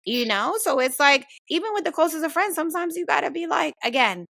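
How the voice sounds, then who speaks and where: A woman's voice: sits high, expressive, brisk, gravelly, fairly bright tone, no room sound. A woman co-hosting a podcast, talking in a reflective, emphatic, candid way about friendship. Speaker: podcast co-host. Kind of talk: casual chat.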